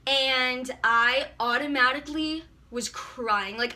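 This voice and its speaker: A teenage girl telling a storytime vlog to her camera, excitable and gushing, with lots of "like". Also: sits high, measured pace, few pauses. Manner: excitable, gushing, many likes. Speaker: vlogger.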